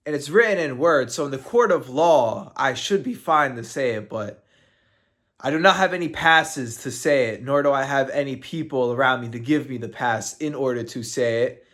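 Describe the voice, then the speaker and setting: A man's voice: mid-range voice, moderate pace, fairly bright tone. Joking man breaking down fights. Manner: joking, laughs often. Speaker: combat sports commentator.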